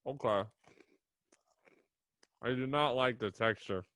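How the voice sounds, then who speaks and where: A man's voice: mid-range voice, slow, a bit bright. A young man hosting his podcast alone, chatting loosely and rambling, with casual swearing. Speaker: podcast host. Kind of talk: casual solo podcast chat. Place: small home studio. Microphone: desk mic in front of a camera.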